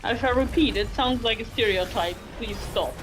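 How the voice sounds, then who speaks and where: A woman's voice: a little high, normal speed, rough recording. A woman chatting casually with friends on a game stream, chiding them. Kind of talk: casual gaming chat with friends. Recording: game music underneath.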